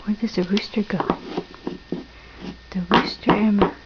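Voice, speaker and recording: A mother coaching her small daughter through a puzzle at home, with slow, sing-song praise that drops to whispers. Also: mid-range voice, steady tone. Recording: dull lo-fi home video with faint noise.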